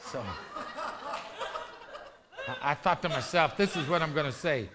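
A man preaching a lively testimony sermon, telling a story with shouts and laughter. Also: fairly high pitch, a little slow, long pauses, crowd noise. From rural ranch background.

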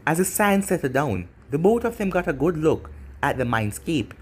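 A man's voice: a little high, very animated, moderate pace, husky. A man reading fan fiction aloud as narrator, in plain run-on narration. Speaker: story narrator. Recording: faint music behind.

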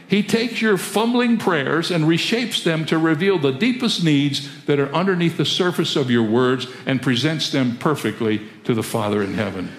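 An older man preaching a sermon, telling stories with chuckles and animated emphasis. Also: fairly high pitch. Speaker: pastor. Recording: roomy echo.

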